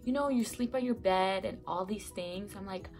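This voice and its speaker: Soft music plays behind a young woman vlogging from her bedroom at home, where she offers chatty, meandering breakup advice full of fillers and self-corrections. Her mid-range voice has a darkish tone and moves at normal speed, and she sounds a bit sick and stuffed up.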